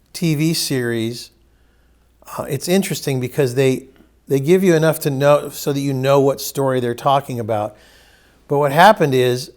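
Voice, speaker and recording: A host with a medium-pitched voice leads a spiritual discussion, retelling a story in a loose, rambling way and slipping into soft quoted voices.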